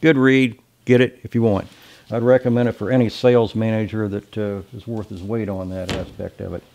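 A man's voice: lowish voice, level tone, brisk, darkish tone. A man from Ohio with a slight Southern drawl, giving a casual lecture on sales in a blunt, folksy, salty way. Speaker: sales trainer.

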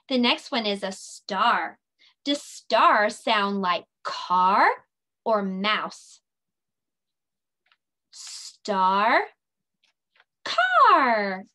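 A woman leading a children's circle time lesson, speaking in a slow, sing-song, encouraging way and stretching her words out. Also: fairly high pitch, sharp tone. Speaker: preschool teacher.

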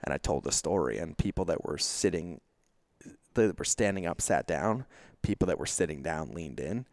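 A man's voice: sits low, expressive, moderate pace, a little mellow, no echo. A man talking candidly as a podcast guest, emphatic and confessional, full of "like" fillers and acted-out quotes. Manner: frequent "like" fillers. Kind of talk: candid conversational storytelling.

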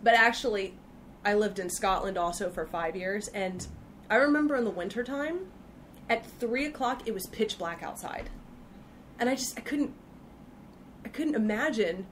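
A woman's voice: medium pitch, expressive, normal speed, pauses often, slight background noise. A woman from Texas, a podcast guest chatting casually and telling playful stories with frequent laughter. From Texas, USA. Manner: laughs often, playful storytelling. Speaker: podcast guest, freelance writer. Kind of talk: casual conversation.

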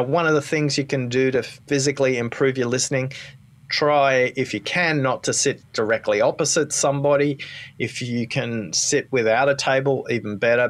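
Aussie guy on a podcast telling a story, doing little voices for the people in it. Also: mid-range voice. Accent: Australian. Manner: animated storyteller, acts out quoted voices. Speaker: guest, listening expert.

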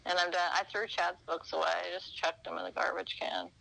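Woman gushing stories over the phone, low gravelly voice w a bright edge. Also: level tone, fairly quick, poor audio. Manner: effusive storytelling, acting out quoted talk. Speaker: phone caller. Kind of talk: casual phone chat.

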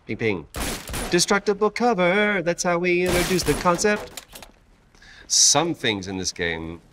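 Animated man coaching a gameplay session. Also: sits high, measured pace, background noise. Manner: animated, coaching, playful sound effects. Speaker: let's play co-host. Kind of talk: casual gameplay banter.

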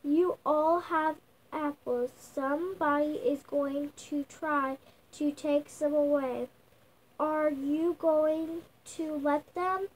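Little girl reading a storybook out loud, slow, stumbles and restarts. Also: sits high, fairly even intonation, low-quality recording. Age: child. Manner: slow halting reading, sounding out words with restarts. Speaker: young reader. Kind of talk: reading a picture book aloud. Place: at home.

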